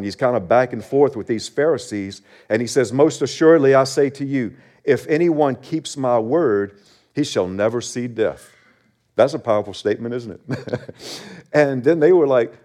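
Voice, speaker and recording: A man preaching a church sermon in an earnest, emphatic way. He reads scripture passages aloud and presses each point home. His voice sits at an ordinary middle pitch. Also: a little mellow. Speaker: pastor.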